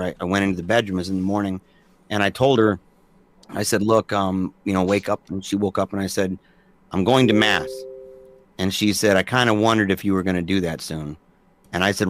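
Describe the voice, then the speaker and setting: A man's voice: on the low side, a bit bright, dry recording. A man in his forties, a podcast guest telling stories casually and acting out quoted dialogue with animation. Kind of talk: casual storytelling conversation.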